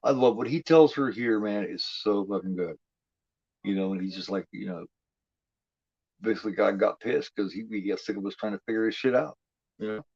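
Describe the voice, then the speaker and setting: A man's voice: fairly low pitch, a little fast, darkish tone, breathy edge, no room sound. A man giving casual, rambling watch-along commentary on a movie, laid-back and heavy on swearing. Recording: dull lo-fi, dry.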